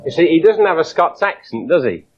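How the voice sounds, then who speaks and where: A man giving a lively public science lecture, demonstrating to an audience with wry asides. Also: fairly high pitch, brisk, a little hiss or hum. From England. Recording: dull 1970s broadcast recording.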